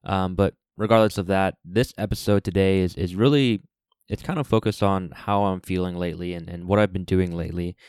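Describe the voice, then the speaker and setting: A man hosting his own podcast, talking unscripted and reflective, halting with restarts and fillers as he thinks aloud. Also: sits low, a little mellow, smooth, no echo, clean studio sound. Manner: reflective and earnest. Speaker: podcast host. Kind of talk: unscripted solo podcast monologue.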